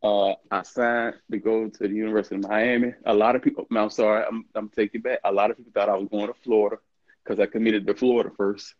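Speaking at a quick clip with fairly low pitch and little movement in it, a middle-aged man tells casual stories as an interview guest. He played college football, and he often laughs and performs the lines he quotes. The recording is dry and muffled.

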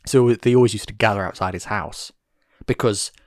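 A man's voice: fairly low pitch, normal speed, no echo, clean studio sound. A man chatting casually and animatedly, often acting out quotes. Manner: animated, acts out quotes in put-on voices. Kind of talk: casual chat.

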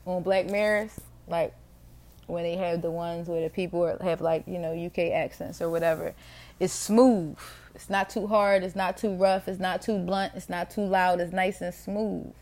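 Her voice is lowish and darkish, with fairly even intonation and a moderate pace. A middle-aged podcast host, she muses aloud in a candid, meandering solo monologue, swearing freely and often breaking into laughter.

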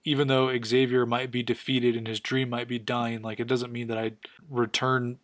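A man's voice: medium pitch, little pitch movement, moderate pace, no echo, lightly acted. A man paraphrasing the lines of a weary, loyal young male hero in an earnest, casual way. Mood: resolute.

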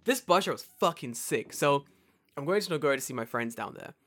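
A man's voice: a little high, brisk. A man from England with a London accent, casually telling travel stories and acting out the people in them. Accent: London English. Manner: animated, acts out dialogue, swears freely. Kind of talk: casual storytelling chat.

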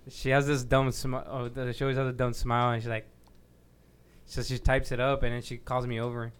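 A man's voice: mid-range voice, little pitch movement, fairly quick, clean tone. A young man telling a school story in casual podcast chat, rambling with lots of fillers. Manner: rambling storytelling with many fillers and bursts of laughter. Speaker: podcast guest.

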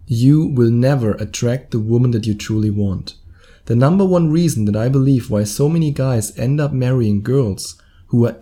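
A man's voice: mid-range voice, dark tone. A man with a German accent hosting a solo podcast, chatty and laughing at his own slips. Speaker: podcast host.

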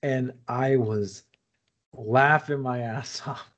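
A man's voice: mid-range voice, fairly even intonation, takes it slowly, fairly bright tone. A man chatting casually about a movie as a podcast co-host, loose and laughing at his own points, full of "like" fillers. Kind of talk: casual movie review chat. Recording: dull lo-fi audio.

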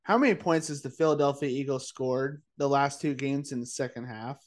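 A tired man co-hosting a casual sports-betting chat late at night, full of "like" and "uh" as he rattles off his picks. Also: mid-range voice. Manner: chatty, says "like" and "uh" often, fires off quick picks. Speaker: podcast co-host.

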